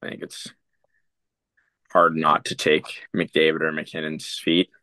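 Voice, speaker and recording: A man's voice: a bass voice, monotone, slow, sharp tone, no echo. A young man, a hockey prospect, answering interview questions casually, with many fillers and restarts. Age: young adult.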